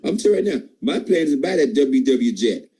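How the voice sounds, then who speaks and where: On poor audio, a team leader on a sales call delivers an expressive, preachy pep talk to his team at a quick pace. He's emphatic, his husky-edged voice dark and mellow, and his pitch shoots up when he stresses a point.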